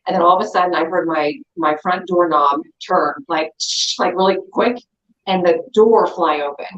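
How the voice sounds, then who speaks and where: Lower-voiced woman telling a lively story. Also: moderate pace, echoey room, muffled recording, a little hiss or hum. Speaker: guest, crystal seller. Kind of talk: casual storytelling chat.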